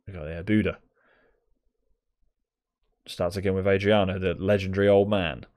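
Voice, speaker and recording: A man's voice: deep voice, fairly even intonation, moderate pace, a little mellow. Exasperated man commentating gameplay. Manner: exasperated, chatty, talks to the players on screen. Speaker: gaming video creator.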